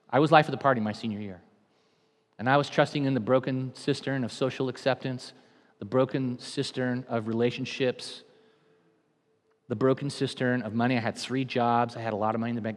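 A man from California preaching a sermon in a church, swinging from hushed, intimate moments to loud, dynamic proclamation. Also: medium pitch. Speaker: pastor. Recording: long hall reverb.

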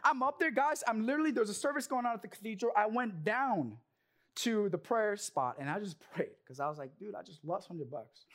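A man's voice: high voice, animated, brisk, fairly bright tone. Young male preacher, earnest and joking, sermon built around a personal story. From Korean American. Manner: earnest, casual storytelling with jokes. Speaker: church speaker.

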